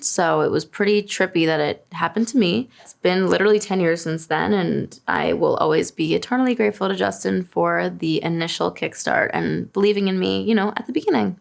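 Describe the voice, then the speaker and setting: A young woman from Long Island talks in an easy, unscripted way, answering questions with self-deprecating jokes and frequent laughs. Her voice sits in a middle register with a noticeable gravelly fry at the ends of phrases. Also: mid-range voice. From Long Island, New York. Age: 20s. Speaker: singer answering internet questions. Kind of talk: casual unscripted chat to camera.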